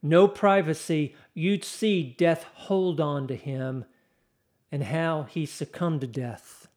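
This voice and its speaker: Slow, dramatic male preacher. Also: fairly high pitch, darkish tone. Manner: slow, dramatic reading of scripture with rising intensity. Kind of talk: sermon.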